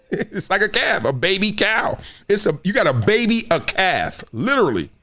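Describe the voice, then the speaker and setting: A man hosting a sports talk stream in a casual, slangy, animated way, laughing often. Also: sits high, moderate pace. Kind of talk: casual live-stream commentary.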